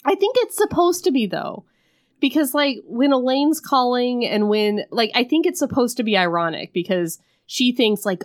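A woman co-hosting a podcast in casual chat, recapping a film and acting out quick bits of its dialogue. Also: fairly high pitch, animated, no room sound, clean studio sound. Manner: chatty, retells scenes with quick acted-out quotes.

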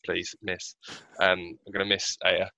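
Man, tabletop player, low yet bright voice, quick self-mocking chatter. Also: little pitch movement, creaky, no echo, muffled recording. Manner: laughing, self-deprecating, rushes his words. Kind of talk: casual tabletop game play.

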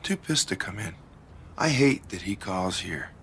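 A man's voice: deep voice, big pitch swings, a little slow, fairly bright tone, slight background noise, exaggerated voice. An actor playing a hurt, guarded man who answers his ex in short, clipped lines in a TV drama scene.

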